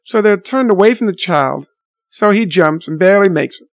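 A man's voice: high voice, lively intonation, normal speed, dry recording, studio quality. A man telling a story to his viewers in an unscripted monologue, blunt and indignant, with mild swearing. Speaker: vlogger addressing viewers.

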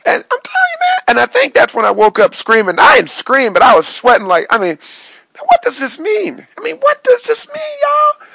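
A man tells a wild dream story straight to camera, excitable and dramatic. His voice sits high and bright with gravelly fry, and it leaps all over the place in pitch. The sound is close and dry, with no room echo. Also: moderate pace. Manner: excitable, swoops into high yelps and low mutters. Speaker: vlogger recounting a dream. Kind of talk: animated storytelling monologue.

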